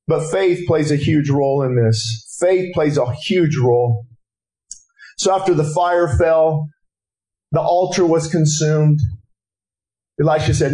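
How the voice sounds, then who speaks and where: Male preacher, middle-aged, high voice, impassioned sermon, roomy hall. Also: steady tone, normal speed, mellow. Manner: impassioned, rising to urgent exhortation. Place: breakfast gathering hall.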